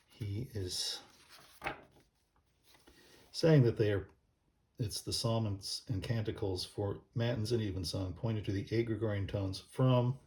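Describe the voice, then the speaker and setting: A man's voice: fairly low pitch, a little mellow. A man explaining church music casually, thinking aloud with many ums and restarts as he pages through a book.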